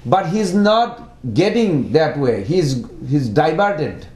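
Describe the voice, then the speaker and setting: A man giving a devotional lecture in non-native English, halting and repeating words as he explains. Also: fairly high pitch, very animated, darkish tone. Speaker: speaker giving a religious class. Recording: echoey room.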